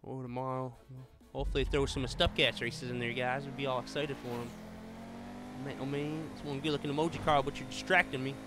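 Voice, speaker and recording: Excitable male gamer streaming a race. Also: mid-range voice, brisk, music in the background. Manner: chatty, talks to viewers and racing friends, frequent exclamations. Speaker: game streamer. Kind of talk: live gameplay commentary.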